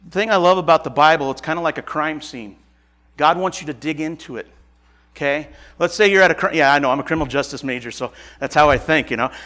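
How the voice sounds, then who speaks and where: A man from Nebraska, his voice a little high and a bit bright, delivers a casual sermon. He tells a Bible story in a folksy way, frequently starting over, chuckling and fixing his words.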